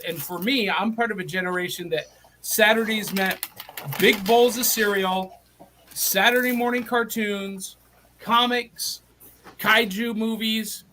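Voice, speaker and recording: A man's voice: sits high, pushed and bright, slight background noise. A middle-aged man from Middle Tennessee hosting a live online show, chatty and enthusiastic with frequent restarts. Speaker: host.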